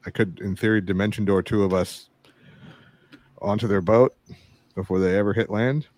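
Deep-voiced man playing a tabletop game. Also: steady tone, normal speed, dry recording. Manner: plans out loud, jokey. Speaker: player. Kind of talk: casual play at a tabletop game.

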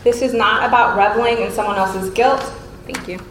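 A woman giving an earnest, measured talk to an audience as a panel speaker. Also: fairly high pitch, a crowd in the background. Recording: echoey room with faint noise.

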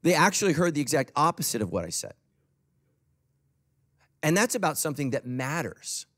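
A man's voice: a little high, very animated, moderate pace, a bit bright. A middle-aged man preaching a sermon as a pastor, humorous and conversational.

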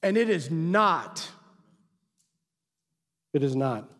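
A man preaching in a church with a high, ringing voice. He drives his points hard, then drops to quiet asides, and the sound trails off in the long reverb of a big hall. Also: expressive, very slow. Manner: emphatic, swings from loud exhortation to quiet asides. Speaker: pastor. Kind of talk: sermon.

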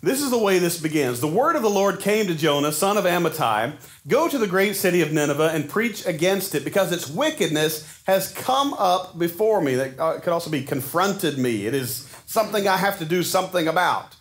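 A man in his forties preaching a sermon in a casual, animated storytelling way, acting out the quotes he tells. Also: sits high, brisk. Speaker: pastor.

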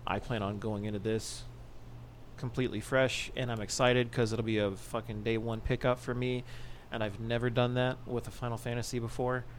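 An excitable man in casual podcast chat, swearing freely and breaking into laughter. His voice sits at an ordinary middle pitch. A faint hum of ambient noise lingers behind him. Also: moderate pace. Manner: excitable, profane, laughs often. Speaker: podcast co-host.

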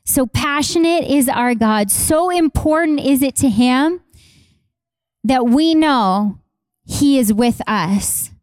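A woman's voice: high-pitched, animated, slow, darkish tone, no room sound, studio quality. A woman pastor from Canada preaching a sermon, passionate and conversational, repeating key phrases for emphasis and speaking directly to her congregation. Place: church.

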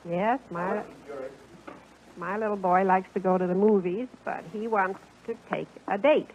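A woman's voice: mid-range voice, fairly even intonation, measured pace, a little mellow. A woman contestant on a live radio game show, answering politely and briefly. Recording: dull old radio recording with faint hiss.

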